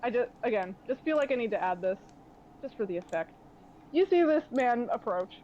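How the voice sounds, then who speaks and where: Fairly high-pitched yet darkish in tone, her voice is animated and brisk. As game master, this young woman narrates a tabletop session in a rambling, filler-heavy way with frequent laughter, captured in dull lo-fi audio with a little hiss or hum.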